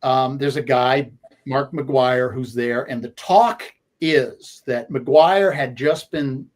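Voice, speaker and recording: Sports radio co-host in his 60s, storytelling, halting delivery full of fillers. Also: mid-range voice. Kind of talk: conversational storytelling.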